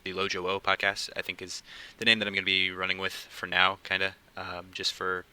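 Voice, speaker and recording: A young man hosting his own casual podcast, talking quietly and hesitantly at home late at night, with many fillers. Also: low voice, completely flat delivery, fairly quick, clear, resonant tone, low-quality recording. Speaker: podcast host. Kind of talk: casual solo podcast talk.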